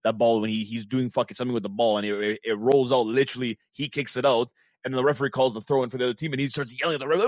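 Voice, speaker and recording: A man co-hosting a casual football chat, talking in a rapid, profane and emphatic way. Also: mid-range voice, steady tone, dry recording. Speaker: podcast co-host.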